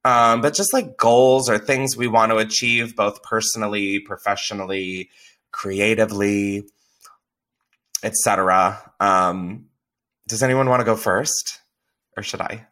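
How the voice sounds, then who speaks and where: A man's voice: on the low side, fairly even intonation, measured pace, pushed and bright. A young man hosting a podcast, chatting candidly with lots of swearing and laughter. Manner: candid, profane, laughs often. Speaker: podcast host. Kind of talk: casual chat.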